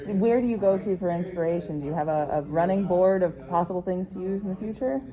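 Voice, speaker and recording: A woman's voice: fairly low pitch, fast, poor audio. Friendly woman interviewer. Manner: friendly, laughing questions. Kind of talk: press interview questions. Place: busy convention press room. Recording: crowded convention room noise. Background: crowd chatter.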